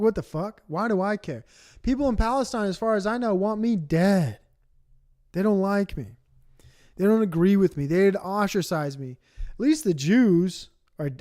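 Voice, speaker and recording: A man with a high-pitched voice rants on a livestream. He swears often and rambles from point to point in coarse, heated reaction commentary. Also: dark tone. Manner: profane, ranting, rambling. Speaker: streamer.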